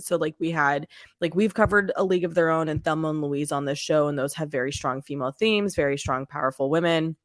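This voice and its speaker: A woman with a somewhat low voice co-hosts a podcast in casual chat. She thinks aloud and searches for her words as she goes. The sound is dry and close. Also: no echo. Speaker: podcast co-host.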